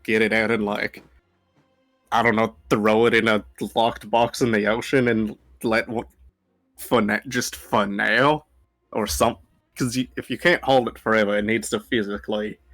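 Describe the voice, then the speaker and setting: A man's voice: lowish voice, fairly even intonation, moderate pace, fairly bright tone, faint music behind. A man playing a tabletop game, rambling through plans with many likes and restarts. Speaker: player. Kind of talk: casual tabletop play.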